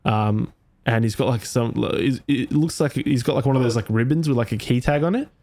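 A man tells a story in a casual chat at a rapid clip. He is animated and swears freely. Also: mid-range voice. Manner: animated, swearing, acts out voices in his story. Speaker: podcast co-host telling a story.

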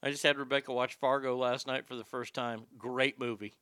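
A man hosting a comedy show, riffing through news commentary in a profane, animated way. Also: medium pitch, a little fast, clear, resonant tone, dry recording, studio quality.

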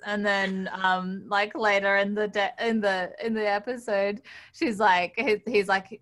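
An Australian woman co-hosting a podcast in easy, casual chat. She recaps with lots of fillers and giggles, her pitch sitting in a middle range. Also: fairly even intonation, measured pace, fairly bright tone. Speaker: podcast co-host.

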